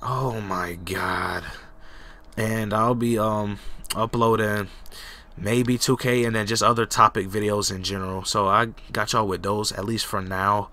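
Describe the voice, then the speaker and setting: Young man, from jacksonville, casual gameplay commentary, lowish bright voice, rambling and profane. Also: flat delivery, moderate pace. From Jacksonville, Florida. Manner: loose, profane, rambling with many fillers. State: sick, voice cracking. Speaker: gaming YouTuber.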